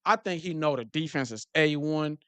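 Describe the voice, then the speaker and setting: Animated man riffing on football. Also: fairly high pitch, moderate pace, clear, resonant tone, no echo. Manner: animated, repetitive restarts and slang. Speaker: football talk show host. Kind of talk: casual sports commentary to live viewers.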